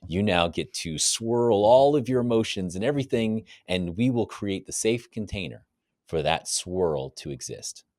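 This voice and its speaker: A man's voice: lowish voice, animated, normal speed, a little mellow, dry recording, clean studio sound. A man, a men's coach, guesting on a podcast and explaining ideas reflectively, often checking in with "right?". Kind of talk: casual podcast conversation.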